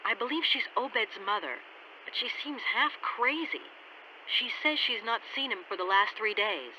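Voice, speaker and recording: An actress playing a frightened, impatient young female scholar in a video game, high-strung and sharp-tongued. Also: animated, normal speed. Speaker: game character. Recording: dull lo-fi game audio, faint hiss.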